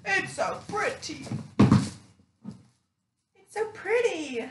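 A woman selling shoes who gushes over her delivery in a casual unboxing vlog, repeating herself with excitement. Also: high voice, takes it slowly, pauses often. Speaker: online seller. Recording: echoey room with background noise.

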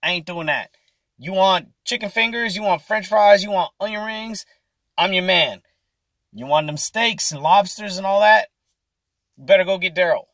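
A man voicing a stubborn male fry cook who flatly refuses the manager's request. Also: sits high, moderate pace, no echo, voice pushed up. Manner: flat refusals, offhand.

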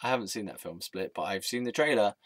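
A man's voice: lowish voice, quick pace, fairly bright tone, dry recording. Young man, vlog monologue, scattered and giggly, swears, loses his thread, dry voice with no room sound. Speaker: vlogger. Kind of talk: rambling stream-of-consciousness monologue.

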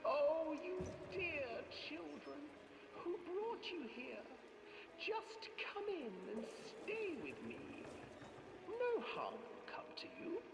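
A man narrating a dark fairy tale in a game and voicing an old witch in a theatrical, drawn-out way. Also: extremely high pitch, very animated, gravelly, noisy background, full character voice. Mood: wheedling. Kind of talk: storybook narration with character voices. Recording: roomy distant sound with music.

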